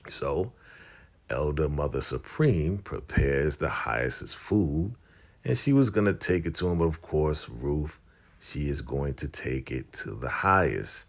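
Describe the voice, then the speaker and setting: A man's voice: rumbling low, lively intonation, normal speed, gravelly. A man casually recapping a TV episode in loose slang, acting out the characters' lines as he goes. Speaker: TV recap host.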